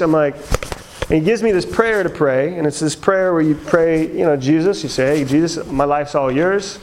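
A man telling his own testimony in a chatty, animated way, with many fillers and laughs. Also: high voice, a little hiss or hum, low-quality recording. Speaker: speaker sharing his testimony. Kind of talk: storytelling testimony talk.

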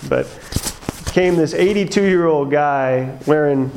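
A man telling his own testimony in a chatty, animated way, with many fillers and laughs. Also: fairly high pitch, slow, slight background noise, poor audio. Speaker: speaker sharing his testimony. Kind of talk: storytelling testimony talk.

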